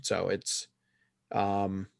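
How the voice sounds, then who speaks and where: A man's voice: deep voice, completely flat delivery, drawn-out words, vocal fry, dry recording, studio quality. A man co-hosting a casual podcast chat, blunt and sarcastic, swearing freely as he sums up a show. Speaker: podcast co-host. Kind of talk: casual chat reviewing a series.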